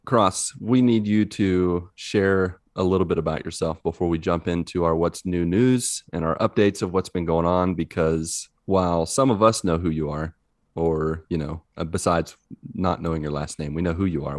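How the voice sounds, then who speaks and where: A man's voice: low-pitched, normal speed, no room sound, studio quality. A man hosting a casual podcast chat, friendly and joking with his guest. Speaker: podcast host.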